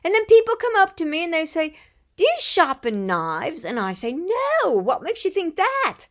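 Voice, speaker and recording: A woman's voice: very high-pitched, huge pitch swings, normal speed, voice pushed up, exaggerated voice. A woman voicing a male knife sharpener with a British accent who tells dry, sarcastic jokes. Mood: wry.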